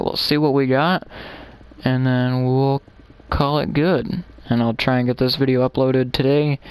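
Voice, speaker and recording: Slow, smooth-voiced man rambling over gameplay. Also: mid-range voice, no echo. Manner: rambling, talks to himself while building; chuckles often. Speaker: gaming channel host. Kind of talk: casual gameplay commentary.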